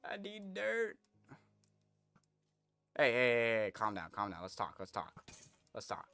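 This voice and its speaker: A man's voice: on the low side, fairly quick, bright, forceful tone, smooth, no echo. A young man chatting casually as he plays a game, rambling with many restarts. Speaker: gaming streamer. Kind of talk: casual gameplay commentary.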